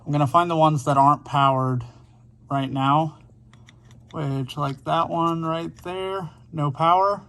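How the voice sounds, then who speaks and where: A man's voice: a little high, fairly even intonation, measured pace, fairly bright tone. A man hosting a car channel, casually explaining a hands-on install step by step while working in a vehicle workshop. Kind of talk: hands-on DIY install walkthrough.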